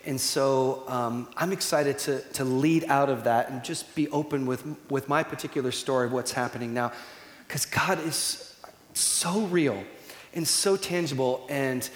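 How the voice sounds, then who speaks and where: Earnest man in a reverberant hall. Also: medium pitch. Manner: earnest, emotional, halting restarts. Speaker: church leader. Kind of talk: church series introduction. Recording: roomy hall with long reverb.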